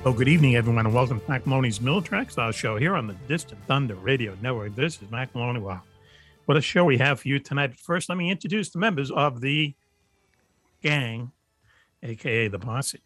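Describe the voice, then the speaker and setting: A man's voice: mid-range voice, animated, fast, a bit bright, faint music behind. A man hosting a comedic radio talk show, teasing his co-hosts during introductions over a video call. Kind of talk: casual comedic banter.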